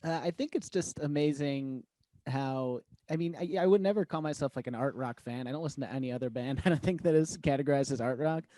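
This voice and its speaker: A man's voice: medium pitch, fairly quick, warm tone, no room sound. A man as a podcast guest, talking thoughtfully about music and searching for words. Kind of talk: casual chat.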